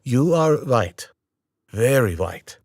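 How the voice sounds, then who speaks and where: A man's voice: medium pitch, expressive, slow pace, a little mellow, breathy edge, dry recording, full character voice. A man voicing a blunt Indian businessman with an Indian accent and short, matter-of-fact answers.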